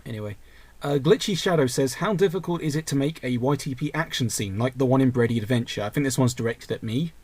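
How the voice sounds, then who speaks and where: A man's voice: mid-range voice, fast, darkish tone, husky. Rambling young man hosting a casual call-in chat. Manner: rambling, restarts often. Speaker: podcast host reading listener questions.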